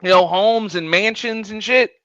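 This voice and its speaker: A man's voice: high voice, normal speed, fairly bright tone, dry recording, faint music behind. A man hosting a show, giving a blunt, profane, emphatic rant in casual talk. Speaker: host. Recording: dull lo-fi, dry sound.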